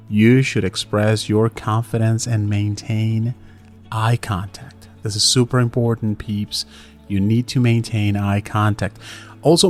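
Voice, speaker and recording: Chatty man teaching English over faint music. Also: medium pitch. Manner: chatty, lively, fillers like right and you know, acts out example lines. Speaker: English teacher, podcast host. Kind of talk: casual instructional talk.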